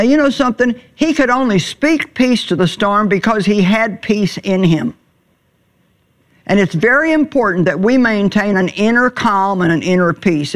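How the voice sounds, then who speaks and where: A middle-aged woman teaching the Bible in a sermon, earnest and plainspoken, slowing down on words she wants to stress. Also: medium pitch. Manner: earnest, plainspoken, slows for emphasis.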